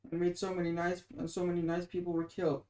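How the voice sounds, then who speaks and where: A lost and frightened young sprite girl, as a reader puts her on for a webcomic reading, sorrowful and pleading, always close to tears. Her voice sits a little lower than the reader's own. The room adds a roomy echo. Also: monotone, fast, mellow, close to an everyday voice. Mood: grieving. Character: grieving young female sprite, lost and scared.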